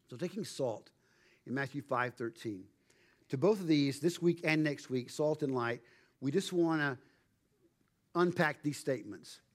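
A man preaching a sermon, emphatic and measured, with dramatic pauses. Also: mid-range voice. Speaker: pastor.

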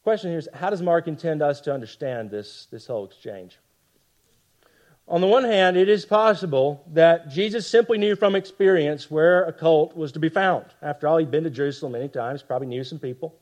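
A man preaching a sermon with passion, dropping to hushed lines for emphasis and tossing rhetorical asides to the congregation. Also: on the high side, animated, a little fast. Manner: impassioned, swings from loud emphasis to hushed lines. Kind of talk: expository sermon.

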